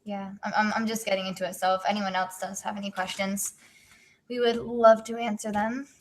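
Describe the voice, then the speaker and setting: A woman's voice: mid-range voice, little pitch movement, brisk, slight background noise. Teen girl author, casual read-aloud with joking asides. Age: teens. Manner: giggly, adds joking asides while reading. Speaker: author and co-host. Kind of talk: reading her own story aloud in a casual chat.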